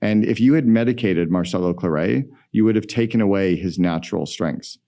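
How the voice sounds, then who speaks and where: A middle-aged man, a guest entrepreneur, telling stories in an energetic, emphatic way in a podcast interview. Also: fairly low pitch, fairly quick.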